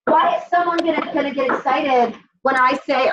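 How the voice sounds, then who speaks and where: A woman's voice: high voice, moderate pace, few pauses, a bit bright, highs cut off, slight background noise. A woman leading a casual motivational call for her sales team, blunt and swearing as she gives tough love.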